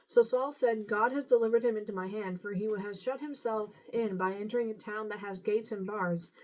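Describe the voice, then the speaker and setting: A woman's voice: fairly high pitch, dark tone, rough recording. A woman reading scripture aloud in a casual, unpolished way, tripping over hard names. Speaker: Bible reader.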